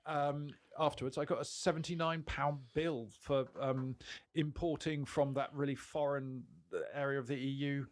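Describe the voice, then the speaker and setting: A man's voice: fairly high pitch, flat delivery, normal speed, hardly any pauses. A man with a British accent co-hosting a podcast, rambling and self-deprecating in casual banter, laughing often. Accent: British English. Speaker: podcast co-host.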